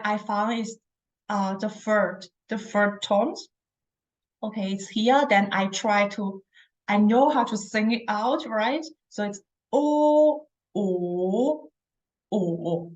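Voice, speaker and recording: Slow, patient woman teaching tones. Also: on the high side, a little mellow, dull audio. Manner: patient, demonstrates tones by drawn-out vowel sounds. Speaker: Chinese language teacher. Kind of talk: slow pinyin tone lesson.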